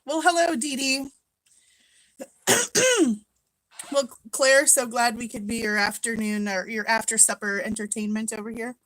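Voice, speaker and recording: A woman's voice: on the high side, expressive, unhurried, fairly bright tone, low-quality recording. A woman from Minnesota hosting a casual live-stream chat from home, greeting viewers by name and laughing often.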